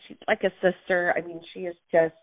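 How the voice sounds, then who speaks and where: Hosting her weekly motivational call, a young pregnant woman gushes in a bubbly, slightly breathless casual phone message, laughing often and using lots of fillers. She speaks briskly in a lowish voice with flat delivery, and the line sounds tinny and dry.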